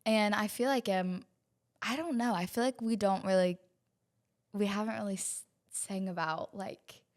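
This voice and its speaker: A woman from West Virginia, a singer-songwriter guest, talking openly and hesitantly with many pauses in a relaxed interview. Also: medium pitch. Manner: soft-spoken, open, hesitant with many ums. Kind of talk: casual interview chat.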